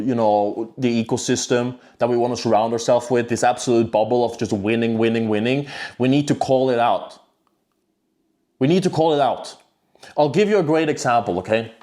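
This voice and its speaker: A man's voice: medium pitch, warm tone. Blunt, profane man ranting. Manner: blunt, profane, rambling with many restarts. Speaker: self-improvement vlogger. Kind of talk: casual monologue to camera.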